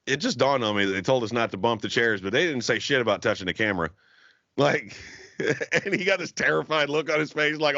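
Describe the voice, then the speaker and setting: A man's voice: mid-range voice, a bit bright, dry recording. A man co-hosting a podcast, telling profane, laughing stories in casual chat and acting out what others said. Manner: profane, laughing, acts out quotes. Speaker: podcast co-host. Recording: dull, lo-fi podcast audio.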